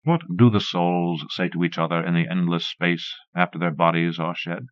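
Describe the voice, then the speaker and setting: A man reading a short story aloud as an audiobook narrator, in a measured, even way. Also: sits low, no room sound. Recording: dull lo-fi cassette recording.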